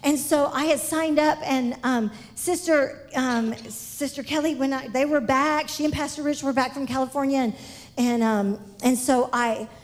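A woman giving an exuberant missionary testimony in church, shouting praise and laughing often. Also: high-pitched, steady tone, moderate pace.

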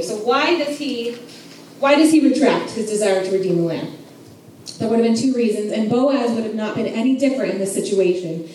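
A woman's voice: a little high, moderate pace, a little mellow. A woman giving a chatty, joking Bible lesson and laughing at herself. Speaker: Bible study teacher. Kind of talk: casual Bible teaching. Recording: echoey room from far off, faint noise.

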